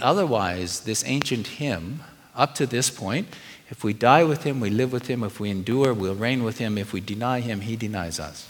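In a large hall, a middle-aged pastor with a fairly low voice preaches an earnest, conversational sermon, putting questions to the congregation as he goes.

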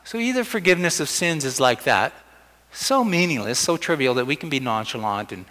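A man's voice: a little high, big pitch swings, brisk, sharp tone. A man preaching a sermon as pastor, conversational, often acting out little scenes in quoted voices. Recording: long church hall reverb.

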